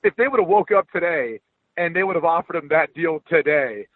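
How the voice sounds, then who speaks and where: A man analyzing football over a phone call, speaking in a relaxed, conversational way with filler ums. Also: a little high, fairly quick, dry recording. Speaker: guest analyst. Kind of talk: casual sports analysis. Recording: tinny phone line.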